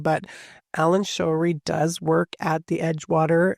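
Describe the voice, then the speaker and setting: Podcast host, true-crime storytelling, chatty asides, fry in the voice, mid pitch. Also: moderate pace, a little mellow, dry recording, studio quality.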